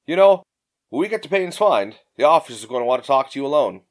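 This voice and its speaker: A man's voice: medium pitch, sing-song, fast talker, close to an everyday voice. A man voicing a brash, swearing young woman adventurer in an audiobook. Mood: urging. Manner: blunt, swearing, impatient.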